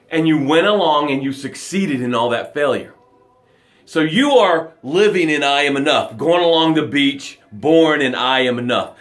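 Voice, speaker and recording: A man's voice: on the high side, a bit bright. A man hosting a live motivational broadcast, speaking with energy and emphasis and acting out voices as he goes.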